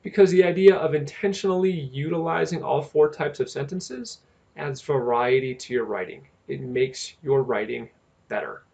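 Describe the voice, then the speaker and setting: Man with a gravelly voice teaching grammar. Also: mid-range voice, darkish tone, highs cut off. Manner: slow, deliberate, stresses key terms. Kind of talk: grammar lesson narration.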